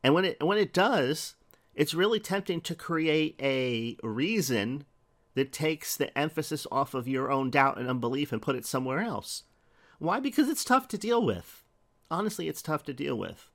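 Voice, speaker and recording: A man's voice: a little high, lively intonation, moderate pace, fairly bright tone. A man preaching a sermon, earnest and emphatic, quoting scripture and asking rhetorical questions.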